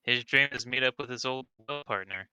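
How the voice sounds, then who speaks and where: Bright, crisp-voiced tabletop player. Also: male voice, medium pitch, moderate pace, low-quality recording. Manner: playful, talks his way into schemes. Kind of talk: in-character tabletop role-play.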